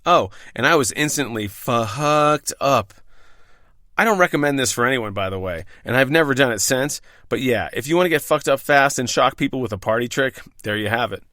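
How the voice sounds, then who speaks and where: A man's voice: mid-range voice, animated, fast talker, hardly any pauses, sharp tone, no echo, clean studio sound. A man reading out his own bar stories, wry, profane and self-deprecating. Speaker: podcast host telling his own bartending stories. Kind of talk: scripted first-person storytelling.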